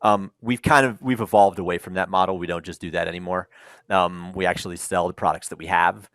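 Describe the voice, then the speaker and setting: A man's voice: deep voice, steady tone, fairly quick, a bit bright, no room sound. A man speaking on a panel, telling the story of a startup in a conversational way, with frequent ums, and acting out the people in it.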